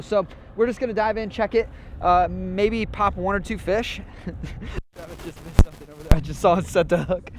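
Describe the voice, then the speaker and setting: A young man vlogging from a boat at sea, talking casually in an excitable, slangy way. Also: high-pitched, slight background noise. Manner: excitable, slangy, peppered with "like" and "dude". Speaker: fishing vlogger. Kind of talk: casual vlog narration.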